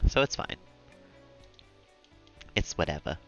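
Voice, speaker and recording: A man's voice: slow pace, dull audio, faint music behind. A man live-streaming a game, rambling and chatty, often laughing at his own jokes. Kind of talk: casual gameplay commentary.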